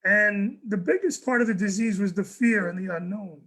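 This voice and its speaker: A man, a guest on a panel, telling a personal story in an animated way, often restarting and repeating words. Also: sits high, moderate pace, breathy edge, poor audio. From New York. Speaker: guest speaker.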